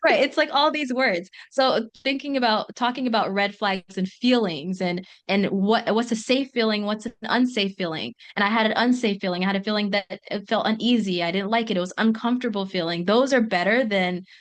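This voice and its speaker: A woman speaking as an expert guest in a podcast conversation, earnest and quick, with frequent "like"s and restarts. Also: mid-range voice. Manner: earnest, fast, with many "like"s and restarts.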